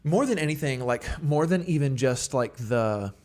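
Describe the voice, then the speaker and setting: Young male worship songwriter, podcast guest; casual, animated, filler-heavy storyteller, average pitch. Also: moderate pace.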